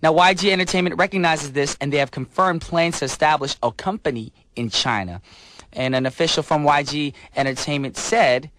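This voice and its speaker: A man's voice: fairly high pitch, fairly quick, fairly bright tone, a little hiss or hum. A man hosting a radio show from a studio, upbeat and chatty, with some filler sounds. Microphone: studio mic.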